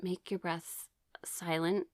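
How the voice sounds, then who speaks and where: A woman talks through her own experiences in a rambling, chatty way, stopping to read from her notes. Her voice sits a little low, and the sound is dry and close with no room around it. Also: little pitch movement, slow, dry recording. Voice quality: occasional throat clearing. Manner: chatty, rambling with many fillers and restarts. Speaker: vlogger sharing personal experiences. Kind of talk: casual personal storytelling.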